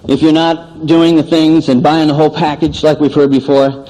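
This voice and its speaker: A man giving an animated recovery meeting share, acting out dialogue as he tells stories, on an old cassette tape recording. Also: on the high side, normal speed, poor audio. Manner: animated storytelling, acts out dialogue. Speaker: AA speaker.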